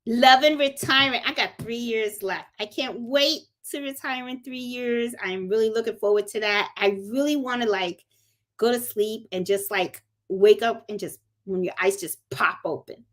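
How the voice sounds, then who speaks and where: A woman's voice: mid-range voice, moderate pace, fairly bright tone. A middle-aged woman from Puerto Rico hosting a casual crafting livestream, chatty and greeting viewers one by one from home. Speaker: crafting channel host.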